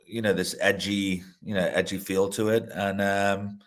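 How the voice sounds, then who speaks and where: This guest is a middle-aged director and actor whose low-pitched voice holds a level tone at normal speed. Chatting loosely in an interview, he swears freely, restarts sentences, and laughs partway through stories.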